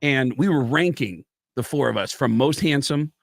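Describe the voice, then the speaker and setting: A comedian tells his stories in a loose, animated way and slips into the voices of the people he quotes. His voice sits at an ordinary male pitch. The sound is close and dry, with no room around it. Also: moderate pace, creaky, no room sound. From United States. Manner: animated storyteller who acts out quotes. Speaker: guest, stand-up comedian and impressionist. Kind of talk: casual storytelling chat.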